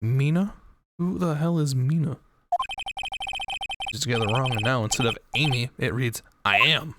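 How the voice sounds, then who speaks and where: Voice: medium pitch, fairly even intonation, normal speed, very noisy. An American streamer joking sarcastically and reading game text aloud during a let's play.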